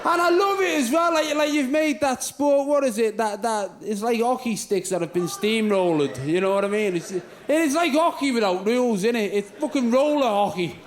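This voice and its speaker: A man's voice: very high voice, animated, moderate pace, hardly any pauses. A man from England doing a stand-up comedy set on a club stage, rambling and sweary with mocking asides.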